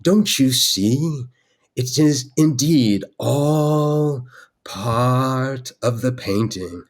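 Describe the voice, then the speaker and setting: A man putting on an English accent to voice a calm, wise elderly male artist, speaking slowly and mystically. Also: medium pitch. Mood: serene. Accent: English, put on. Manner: slow, soothing, mystical.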